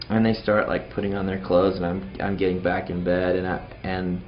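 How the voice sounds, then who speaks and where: A man's voice: sits low, moderate pace, few pauses, lo-fi sound. A man from Texas, a touring band member, telling a road story animatedly with lots of fillers. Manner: animated, full of fillers, acts out the scene.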